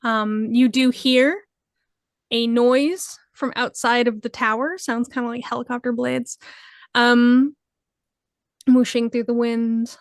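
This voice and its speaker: Female game master, higher register, dry close mic, hesitant friendly narration. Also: slow pace, no echo. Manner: relaxed, hesitant with many ums and laughs.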